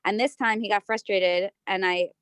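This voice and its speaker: A married woman student telling a story from home in a class over a video call, animated with many restarts. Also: mid-range voice, moderate pace, clear, resonant tone, no room sound. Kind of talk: sharing in a class discussion.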